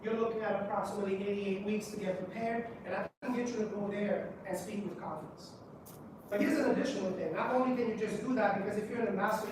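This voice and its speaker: A man presents at a conference, quizzing the room with rhetorical questions as he teaches. His voice comes from a distance in a very echoey hall, with steady background noise underneath. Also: high-pitched. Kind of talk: lecture to a live audience. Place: public library meeting room.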